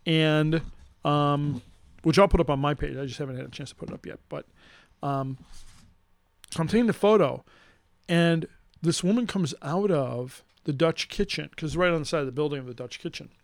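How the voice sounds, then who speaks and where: A middle-aged man telling a long road-trip story in casual chat, rambling and animated with restarts. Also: on the high side, moderate pace, creaky, no echo.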